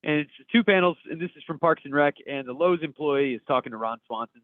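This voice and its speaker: A man's voice: fairly high pitch, fast, dry recording. A man co-hosting a podcast, reading memes aloud in an upbeat way and laughing along. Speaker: podcast co-host. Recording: tinny phone-like dry audio.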